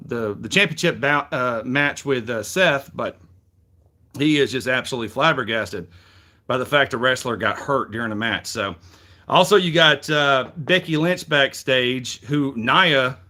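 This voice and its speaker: A man's voice: medium pitch, moderate pace, bright, forceful tone. Rambling, cussing Southern man. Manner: rambling, frank, swears freely, many fillers. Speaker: wrestling reaction show host. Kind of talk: casual commentary.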